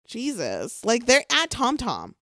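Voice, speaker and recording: A woman recapping a reality show in casual chat, excited and gossipy, swearing often and filling with "like". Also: a little high, slow pace, no room sound, studio quality.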